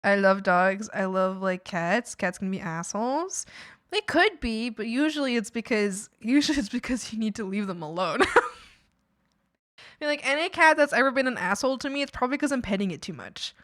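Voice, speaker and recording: A woman's voice: fairly high pitch, expressive, normal speed, fairly bright tone. A woman streamer chatting casually with her viewers, rambling with lots of fillers and frequent laughs.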